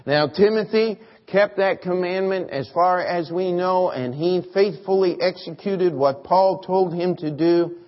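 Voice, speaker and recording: A preacher man delivers a sermon at a slow, deliberate pace, his voice sitting a little high. He drives his points home with emphasis and rhetorical questions to the congregation. The recording sounds muffled and lo-fi.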